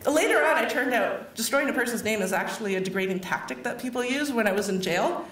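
Woman, fairly high voice, animated storytelling, very echoey hall, distant mic. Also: fast talker, slight background noise. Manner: animated storytelling with laughs and acted-out quotes. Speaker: award recipient giving a speech. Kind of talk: personal speech to an audience. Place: public event hall.

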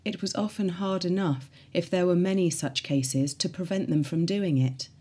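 A woman reading a diary aloud in a measured, earnest way. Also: lowish voice, fairly even intonation, a little mellow, slightly rough.

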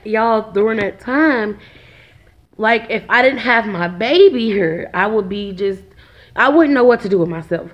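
At home, a single mother in her twenties chats casually with her vlog viewers, repeatedly calling them "y'all." Her voice is a little high, and the audio sounds dull.

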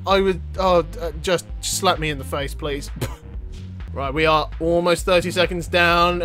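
A man giving animated, joking gameplay commentary to his viewers. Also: high voice. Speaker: gaming YouTuber.

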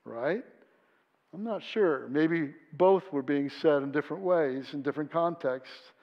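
High-voiced man preaching in a church hall. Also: measured pace. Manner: earnest preaching, acts out quoted voices. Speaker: pastor. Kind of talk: sermon. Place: church sanctuary. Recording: dull sound in a reverberant church hall.

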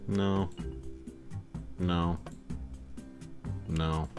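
A man's voice: low-pitched, little pitch movement, drawn-out words, over music. A young man hosting a gaming video, casually commenting on camera filters in a playful, rambling, self-mocking way. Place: warm home studio.

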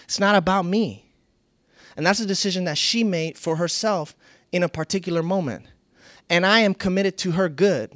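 Dynamic high-voiced male preacher. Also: moderate pace, no room sound, clean studio sound. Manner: dynamic, swinging from loud to hushed; repeats key phrases for emphasis. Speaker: pastor. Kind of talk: sermon.

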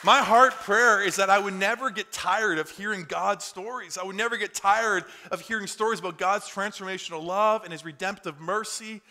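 A man's voice: sits high, moderate pace, hardly any pauses, sharp tone. A man preaching a sermon as pastor to his congregation, fervent and conversational. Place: church in front of a congregation.

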